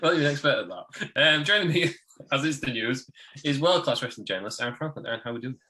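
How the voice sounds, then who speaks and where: Male host, bright tone, teasing and laughing. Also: medium pitch, low-quality recording. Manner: laughs often, quick and teasing. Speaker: podcast host. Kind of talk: casual chat.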